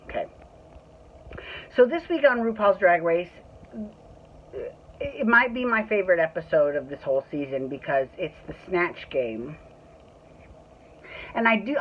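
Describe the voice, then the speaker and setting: A woman hosting a casual solo recap show, chatty and gushing, with plenty of profanity. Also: mid-range voice. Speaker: podcast host. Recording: tinny phone-like audio.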